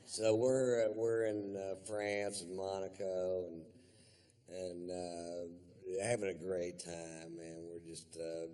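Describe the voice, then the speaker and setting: A male stand-up comedian with a somewhat low voice tells a long story. His delivery is laid-back and rambling, full of profanity and fillers. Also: level tone, slow pace, warm tone, clean tone.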